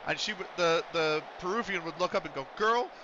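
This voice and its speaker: A man's voice: on the high side, fast, muffled recording, background noise. A man chatting casually and at length while streaming a game, rambling with a loose, swearing manner. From United States.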